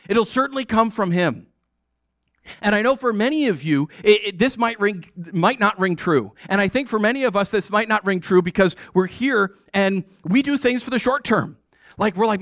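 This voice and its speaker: An American man preaching a sermon as pastor, conversational and animated, with casual asides. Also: sits high, dry recording, clean studio sound.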